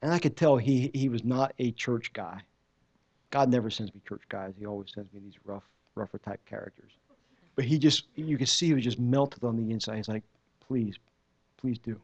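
Speaking fairly quickly in a mid-range, somewhat mellow voice, a man recounts his testimony at church in a casual, meandering way full of restarts. The audio is muffled and dull.

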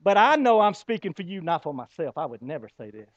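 A man preaching a sermon as pastor, asking rhetorical questions and pausing for effect. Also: fairly high pitch, sing-song, dull audio, slight background noise.

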